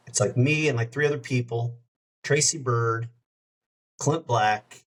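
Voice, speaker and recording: The audio is rough as a middle-aged radio host, his voice on the low side, swaps anecdotes on a podcast. He tells them in a lively, casual way, putting on voices for the people in his stories.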